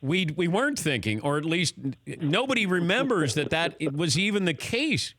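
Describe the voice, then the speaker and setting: A playful male sports radio host with a lively, swinging pitch. He jokes with his crew close to a studio mic, the sound dry and clean. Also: normal speed, no room sound. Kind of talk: casual sports talk radio. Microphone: studio microphone.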